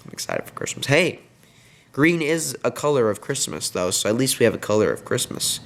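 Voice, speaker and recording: A man's voice: medium pitch, expressive, moderate pace, creaky, slight background noise. A young man hosting his own sports video, rambling with many fillers through a frustrated post-game rant. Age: young adult. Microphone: headset.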